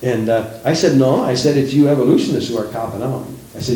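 A man's voice: medium pitch, fast talker, warm tone, far from the mic, slight background noise. A middle-aged male preacher delivering a sermon in a church, preaching with rising emphasis and acting out the voices of people he quotes. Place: church sanctuary. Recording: very echoey church room.

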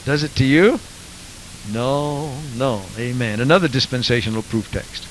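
A man's voice: mid-range voice, normal speed, rough recording. A man preaching a sermon, quoting scripture and pressing his points with rhetorical questions. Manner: emphatic, rhetorical questions, quotes scripture in King James wording. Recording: faint hiss.

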